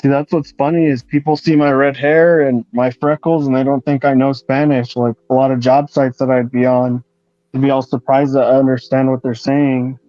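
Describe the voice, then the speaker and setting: A man chatting casually and calmly while he paints, explaining as he works. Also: mid-range voice, normal speed, no echo. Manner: relaxed, explains while working. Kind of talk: casual chat. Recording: dull lo-fi sound.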